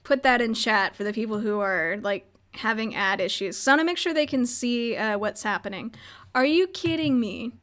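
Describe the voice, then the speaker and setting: A woman's voice: medium pitch, brisk, hardly any pauses, a bit bright. A young woman casually recapping a roleplay server on her livestream, rambling and giggling with lots of filler words. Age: young adult.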